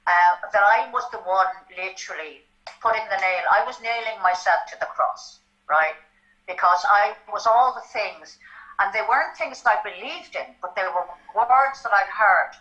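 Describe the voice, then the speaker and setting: An older Irish woman telling a personal story in an interview, animated and often checking in with "right?". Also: medium pitch, moderate pace. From Ireland. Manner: animated, tag questions like "right?". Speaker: guest. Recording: dull lo-fi sound.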